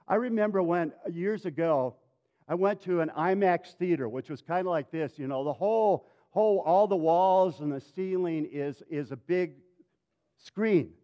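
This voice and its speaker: A male pastor with a high voice preaches a dramatic sermon, rising loud and then dropping to a hush. The recording sounds a little dull. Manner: dramatic, swinging from loud to hushed.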